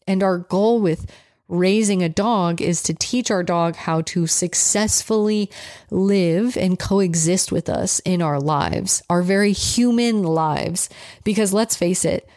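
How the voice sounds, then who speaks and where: A woman's voice: fairly low pitch, takes it slowly, darkish tone, no echo, clean studio sound. A woman dog trainer giving casual coaching advice, chatty and direct, often checking in with "right?". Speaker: dog trainer, podcast host.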